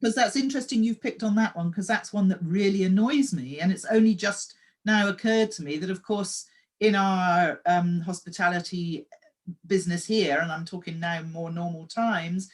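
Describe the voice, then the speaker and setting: A woman's voice: lowish voice, normal speed. A woman hosting a conversation, affirming her guest and sharing her own stories. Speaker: host and story coach. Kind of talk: casual interview conversation.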